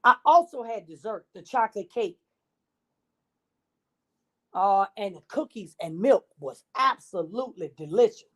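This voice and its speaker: A woman's voice: mid-range voice, animated, a little slow, long pauses. A woman voicing a self-pitying male wolf who tells his own side of the story in a wheedling, innocent tone.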